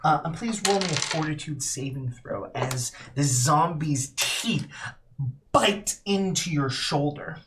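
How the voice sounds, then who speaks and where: Low-voiced halting woman game master. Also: animated, noisy background. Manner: halting, with many fillers and restarts. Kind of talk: narrating a tabletop game.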